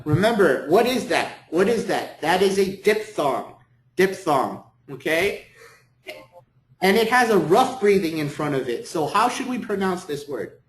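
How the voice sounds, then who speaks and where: Male teacher, high lively voice, slow unhurried pace, echoey classroom. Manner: encouraging, repeats words for the class. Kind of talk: classroom lecture.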